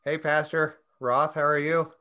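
A man's voice: on the high side, flat delivery, unhurried, bright, forceful tone, clean tone. A man teaching a Bible study in casual chat, thoughtful and often breaking off mid-thought. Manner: thoughtful, self-interrupting, chatty.

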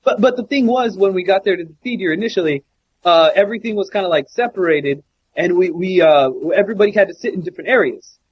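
A man co-hosting a podcast, telling a story in casual chat, profane and animated with many restarts. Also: high-pitched, quick pace, breathy edge, muffled recording. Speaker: podcast co-host.

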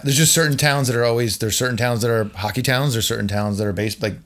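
A man's voice: mid-range voice, quick pace, a bit bright. A man who is a guest on a podcast, talking about his work in an enthusiastic, upbeat way in a casual interview. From New England. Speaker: marketing director, guest.

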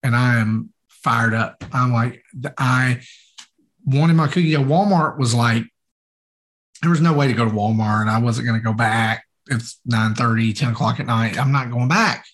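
A podcast co-host with a mid-range voice tells a story at normal speed in relaxed chat, animatedly acting out what people said and scattering fillers throughout.

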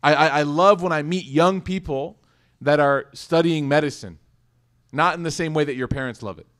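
This Islamic lecturer's voice is on the high side, and he talks at normal speed. His religious lecture is relaxed and lively, peppered with rhetorical questions for the audience and funny asides.

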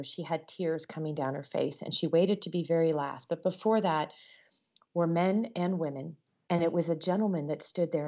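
A woman's voice: sits low, dark tone, lo-fi sound. A woman who speaks for a living, telling stories earnestly and with feeling as a guest in an interview over a video call. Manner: earnest, impassioned. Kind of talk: emotional interview storytelling.

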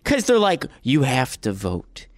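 A man's voice: medium pitch, unhurried, dry recording, soft background music. A young man co-hosting a podcast, ranting and joking in casual chat. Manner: animated, ranting, jokey. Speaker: podcast co-host.

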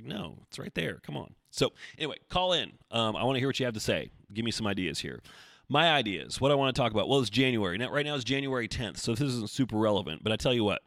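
Chatting alone on his own podcast, a man rambles casually, making jokes at his own expense. His voice sits on the low side with a slight brightness, and the dry recording is studio quality.

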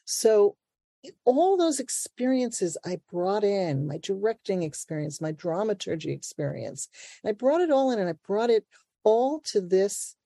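A woman's voice: mid-range voice, big pitch swings, a little slow, dark tone, dry recording, clean studio sound. An older woman from Brooklyn, a playwright and actor, talking animatedly in an interview and laughing often. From Brooklyn, New York. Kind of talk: conversational interview.

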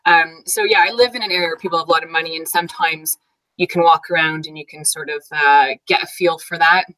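Chatty Canadian-raised woman, lowish voice. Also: fairly even intonation, fast talker, bright, forceful tone, rough recording. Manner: chatty, laughs often, many fillers. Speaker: interview guest, teacher. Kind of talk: casual conversational interview.

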